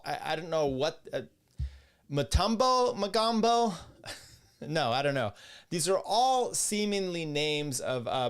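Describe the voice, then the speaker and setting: A man's voice: mid-range voice, smooth. A man hosting a livestream, reading court rulings aloud in a casual, rambling way and breaking off for sarcastic asides. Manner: casual, rambling, with fillers and restarts. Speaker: podcast host. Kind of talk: livestream legal commentary.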